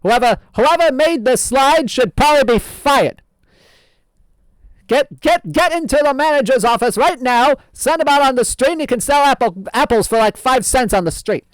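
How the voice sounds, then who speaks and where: A man's voice: very high-pitched, lively intonation, dry recording. A man hosting as a show host in a put-on old-timey radio announcer voice, theatrical and drawn out. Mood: folksy. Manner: theatrical, drawn-out, laughs at himself. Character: 1920s radio host, hammy and folksy.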